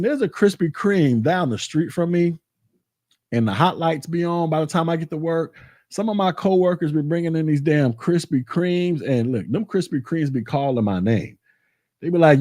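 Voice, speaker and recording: Dude w just chatting on his vlog, warm mellow voice, dry close sound. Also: a little high, no echo. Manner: animated storytelling, colloquial, repeats himself. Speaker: tech channel host. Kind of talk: casual vlog chat.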